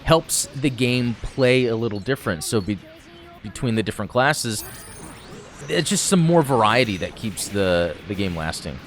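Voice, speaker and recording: A man hosting a gaming channel, giving relaxed, chatty commentary over gameplay with plenty of fillers. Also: fairly low pitch, normal speed, slight background noise.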